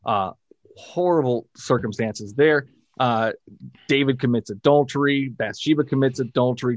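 A man's voice: medium pitch, dry recording. A man speaking bluntly in a casual discussion, challenging the other side as a skeptical guest.

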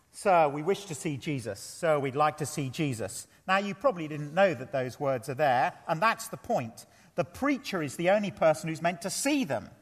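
Emphatic preacher man in a hall. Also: high voice. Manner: earnest, emphatic, repeats key phrases. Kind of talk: sermon. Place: church pulpit.

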